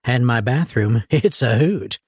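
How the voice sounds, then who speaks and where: A man voicing a laconic rich man who puts on a folksy cowboy drawl, amused and unhurried. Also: mid-range voice, lively intonation, a little mellow, husky, dry recording, clean studio sound.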